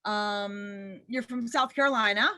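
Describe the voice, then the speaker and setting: A woman moderating an interview as event host, speaking haltingly with many fillers. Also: mid-range voice, pushed and bright, no room sound.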